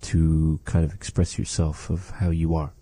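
A man leads a language lesson in an unhurried, methodical way, repeating each phrase and then explaining it. His voice is low and very dark, and the recording is dry and close. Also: level tone, dry recording. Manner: repeats phrases slowly and explains them carefully. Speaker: language teacher. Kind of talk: slow, patient language lesson.

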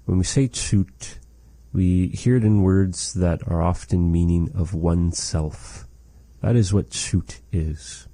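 A man teaching a language lesson, slowly and patiently repeating words for a learner. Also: deep voice, mellow, dry recording, poor audio.

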